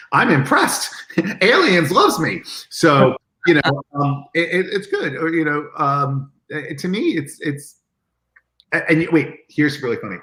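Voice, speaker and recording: A man telling stories as an interview guest, animated and acting out the lines he quotes in lively chat. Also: fairly high pitch, unhurried, echoey room, rough recording. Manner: animated, acts out quoted dialogue. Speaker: guest, event marketing executive. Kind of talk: casual storytelling in an interview.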